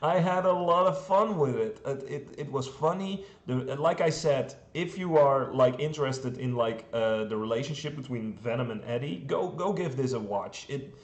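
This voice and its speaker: A man's voice: medium pitch, animated, moderate pace, hardly any pauses. A man from the Netherlands with a Dutch accent, reviewing a movie in a chatty way, with frequent chuckles and plenty of fillers. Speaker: film reviewer. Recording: roomy echo.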